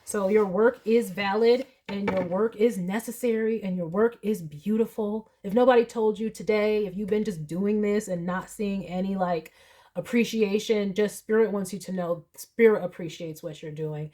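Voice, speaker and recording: Female tarot reader, heartfelt and chatty, lots of "like" fillers, middle pitch. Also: normal speed, mellow. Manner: earnest, emotional, many fillers like "like". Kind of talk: tarot reading to camera.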